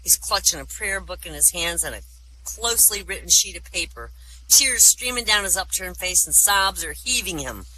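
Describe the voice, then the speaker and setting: A woman's voice: moderate pace, a little hiss or hum, poor audio. A woman telling jokes at a voice comedy show, acting out the characters with big jumps in her voice. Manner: animated, acts out characters with big pitch jumps. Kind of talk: live comedy joke-telling.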